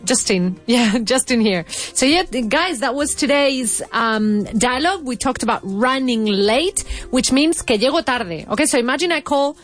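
A woman co-hosts an English lesson, her high voice swooping up and down as she teases her partner. She explains phrases in a casual, chatty way over faint music. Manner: playful, animated, quick to tease. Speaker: co-host of an English lesson podcast. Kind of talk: casual teaching chat.

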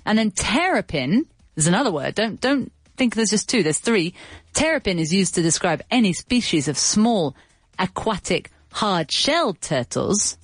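A woman's voice: mid-range voice, very animated, normal speed, no room sound. A woman co-hosting a casual chat, teasing and explaining phrases playfully. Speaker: podcast co-host teaching English.

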